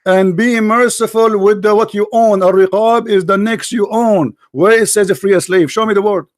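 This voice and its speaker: A man with a high, bright-pitched voice hosts a heated live debate. He is combative and mocking, and he hammers the same demand over and over. His voice sounds close and dry, with no room sound. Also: steady tone, moderate pace, no echo. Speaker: host.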